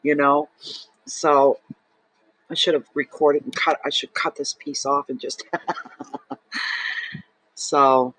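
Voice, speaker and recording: Emotional man, higher voice. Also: little pitch movement, takes it slowly, long pauses, a bit bright, no room sound, low-quality recording. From Saint John, New Brunswick, Canada. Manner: emotional, rambling, heartfelt. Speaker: tarot reader, channel host. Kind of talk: casual personal monologue to camera.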